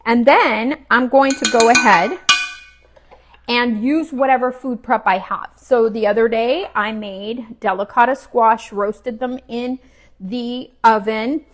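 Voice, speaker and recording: A cooking vlogger with a slightly high voice speaks at an unhurried pace. She chats in a relaxed way while cooking in her home kitchen, talking through the work and occasionally chewing.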